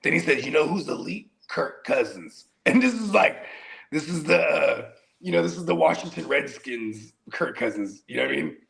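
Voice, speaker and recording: Male podcast co-host, gravelly voice, slangy excitable storyteller. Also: a little high, normal speed. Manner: animated storyteller, laughs at his own stories, slangy. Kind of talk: casual sports chat.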